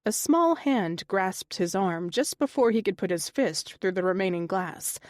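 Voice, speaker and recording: A woman narrating an audiobook romance in a steady, even storytelling voice. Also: medium pitch, unhurried, hardly any pauses, no room sound, clean studio sound. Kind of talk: scripted narration.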